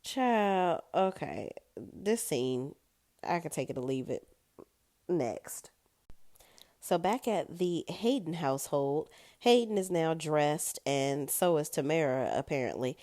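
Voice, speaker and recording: A woman's voice: deep voice, lively intonation, takes it slowly, mellow, dry recording, clean studio sound. A woman recapping a TV episode in a casual, sassy, blunt way, full of slang. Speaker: TV recap vlogger.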